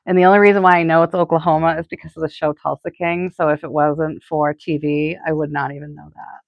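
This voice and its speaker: A woman's voice: deep voice, flat delivery, quick pace, no room sound, muffled recording. A middle-aged woman with a Boston accent, chatting casually and rambling with lots of fillers while she hosts a live crafting stream. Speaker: florist hosting a live stream.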